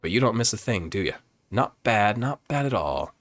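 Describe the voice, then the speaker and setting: A man's voice: fairly low pitch, big pitch swings, moderate pace, fairly bright tone, dry recording. A man voicing a friendly male bird reporter with a put-on folksy accent.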